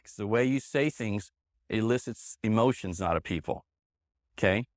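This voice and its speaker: A man's voice: fairly low pitch, moderate pace, no echo, clean studio sound. A man teaching a live sales seminar to a room of trainees, punchy and emphatic, hammering key points again and again. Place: meeting room with an audience. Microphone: handheld microphone.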